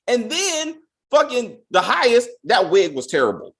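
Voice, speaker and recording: A man's voice: very high-pitched, very animated, a little slow, fairly bright tone. A man hosting a casual spoiler review of a TV episode, ranting in a profane, exasperated way. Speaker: TV show reviewer.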